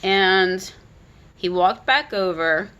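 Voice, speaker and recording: Bright-voiced woman, critical and animated. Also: medium pitch, slow pace, lo-fi sound, a little hiss or hum. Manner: animated, critical retelling with frequent restarts. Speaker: content creator. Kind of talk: casual book commentary.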